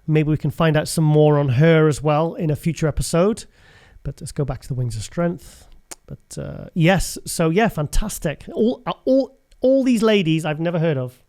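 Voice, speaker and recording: Male host, higher pitch, loose rambling chat with frequent laughs. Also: moderate pace, darkish tone. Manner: chatty, rambling, laughs often. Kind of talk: casual show commentary.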